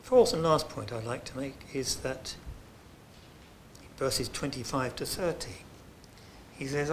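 A man preaching a sermon in an earnest way, dropping to soft, hushed phrases and then rising to loud, emphatic lines. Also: mid-range voice, measured pace, pauses often, a little hiss or hum.

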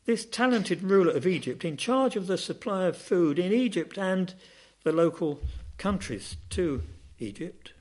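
Male preacher, fairly high voice, dramatic sermon delivery with big swings in pitch. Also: expressive, measured pace. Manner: dramatic, rising and falling emphasis.

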